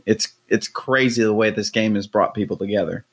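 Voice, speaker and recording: A man's voice: lowish voice, a little fast, slightly rough. A man hosting a casual podcast, telling stories in a rambling way with restarts and fillers. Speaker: podcast host.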